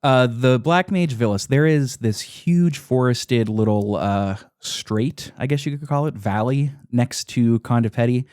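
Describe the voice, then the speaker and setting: A man's voice: medium pitch, unhurried, few pauses, a little mellow, smooth, no echo, studio quality. A man hosting a podcast, enthusiastically recapping a video game in casual, profane chat, often laughing. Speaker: podcast host.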